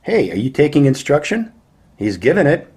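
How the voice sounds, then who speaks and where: A man's voice: on the high side, big pitch swings, moderate pace, a little mellow, husky. A man preaching a warning sermon, emphatic and firing rhetorical questions at his listeners.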